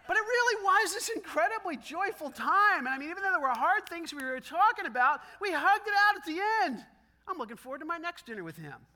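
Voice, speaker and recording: A middle-aged man preaching a sermon in a conversational, animated way, acting out little dialogues and laughing often. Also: extremely high pitch, fairly quick. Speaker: pastor.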